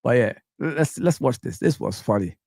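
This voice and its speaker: Chill dude doing a live footy stream, slangy, dry close mic. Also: male voice, medium pitch, expressive, moderate pace, creaky, dry recording. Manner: chatty and laid-back, slangy, shouting out viewers. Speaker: football channel host. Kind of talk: casual live-stream commentary.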